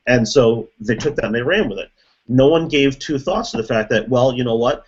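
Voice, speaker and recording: Man, mid pitch, explanatory and conversational, muffled online call sound. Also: a little fast, breathy edge. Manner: thinking aloud, explanatory. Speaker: meeting participant. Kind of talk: casual group discussion.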